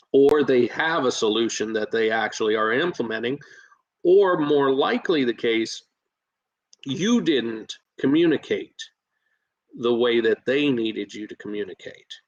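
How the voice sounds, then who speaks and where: A man who invests in real estate, talking as a podcast guest and coaching listeners in a lively way, with plenty of fillers and restarts. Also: mid-range voice, lo-fi sound. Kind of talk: casual podcast storytelling.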